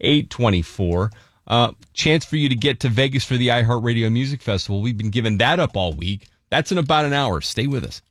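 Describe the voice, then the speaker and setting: A man hosting a morning radio show, chatting playfully with quick asides. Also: mid-range voice, lively intonation, no room sound, studio quality. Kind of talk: casual radio chat. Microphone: studio microphone.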